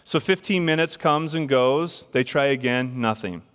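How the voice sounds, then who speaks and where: Man, middle-aged, devotional speaker, storytelling, rhetorical questions, mid pitch, long hall reverb. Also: unhurried, clear, resonant tone. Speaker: church speaker. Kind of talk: devotional address.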